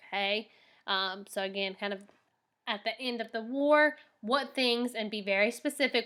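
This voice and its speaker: Bright-voiced woman teacher explaining patiently. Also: medium pitch, normal speed, pauses often. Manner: patient and explanatory, often checks in with the class. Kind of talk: recorded lesson, reading documents aloud and explaining questions.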